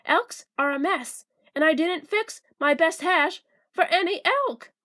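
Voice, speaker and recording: A woman reading a children's storybook aloud, voicing a fussy housewife who is quick to shout, with a shrill, excitable manner. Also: exaggerated voice. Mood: indignant.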